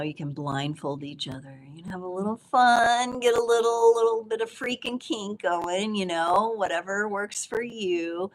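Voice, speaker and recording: Woman tarot reader, lowish voice, chatty and playful, live-stream host. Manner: chatty and playful, with frequent fillers and laughs. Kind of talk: casual live tarot reading.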